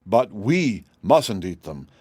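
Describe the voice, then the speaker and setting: A man reading an audiobook, voicing a small older male wizard who speaks soberly and courteously, sometimes halting. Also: mid-range voice, lively intonation, darkish tone, dry recording, close to an everyday voice.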